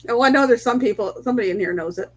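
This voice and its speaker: A woman co-hosts a casual livestream with a somewhat high voice. She reads out viewers' names and guesses briskly. Her delivery is plain and matter-of-fact. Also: slightly rough. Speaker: co-host reading viewer comments.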